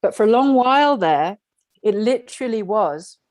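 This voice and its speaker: During an online class, a middle-aged teacher of spiritual workshops talks openly and at length about something personal, filling her speech with "like." Her voice is a little high, a little mellow and animated, at a moderate pace, with no echo.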